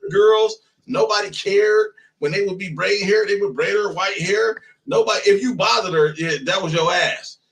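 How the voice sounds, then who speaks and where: A man hosting a casual chat, speaking bluntly and with profanity, dropping low and quiet for serious points. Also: moderate pace, few pauses, low-quality recording. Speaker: host.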